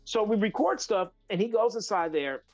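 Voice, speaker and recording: A man from California, a guest musician, telling a long story in a loose, animated way with many fillers and restarts. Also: high voice, moderate pace, soft background music. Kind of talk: casual storytelling.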